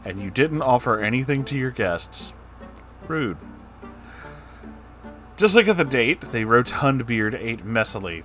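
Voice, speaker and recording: Dude reading a story out loud, cutting in w sarcastic swear-y comments, mid pitch. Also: male voice. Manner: casual, sarcastic asides, swears. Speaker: story narrator.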